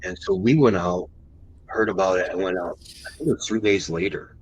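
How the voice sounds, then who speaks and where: A man as a podcast guest, recounting an encounter story animatedly and slowing down for the tense moments. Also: deep voice, a little hiss or hum, poor audio.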